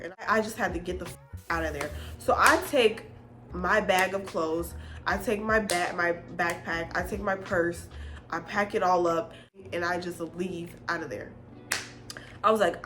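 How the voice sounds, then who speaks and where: A woman vlogger tells a dramatic personal story straight to the camera in a casual, animated way. Her voice sits at a medium pitch and jumps higher when she acts out her own lines. She swears freely as she talks. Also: normal speed, over music. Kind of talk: storytime vlog.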